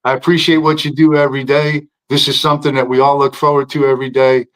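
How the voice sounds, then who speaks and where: A man calling in to a talk show, earnest and halting, thanking the host. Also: mid-range voice, flat delivery, a bit bright, rough recording. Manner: halting, many fillers and restarts, earnest. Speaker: caller. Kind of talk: phone-in chat.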